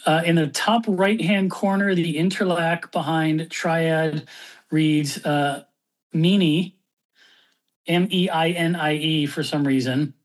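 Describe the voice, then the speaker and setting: A podcast co-host describing small details in comic panels, with halting restarts. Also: medium pitch, fairly even intonation. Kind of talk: casual chat.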